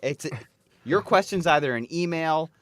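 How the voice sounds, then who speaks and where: Lively, blunt male podcast co-host. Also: on the high side, normal speed, background noise. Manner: profane, blunt. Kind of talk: casual chat.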